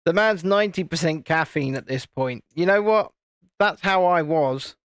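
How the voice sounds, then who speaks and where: A chatty man hosting a relaxed live stream from home, talking while he builds. His voice sits a little high, and the sound is close and dry with little room to it. He teases and jokes in a self-deprecating way. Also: normal speed, smooth, no room sound.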